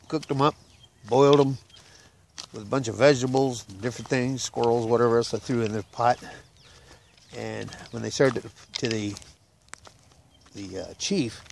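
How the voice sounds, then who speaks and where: A man with a gravelly, rough-edged voice spins folksy jokes at an easy, meandering pace, dropping filler sounds as he goes. He is outside, a faint hum of open country behind him, picked up by a handheld camera mic. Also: mid-range voice. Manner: rambling, unhurried, lots of "uh" fillers. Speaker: joke teller. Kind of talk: folksy casual joke-telling.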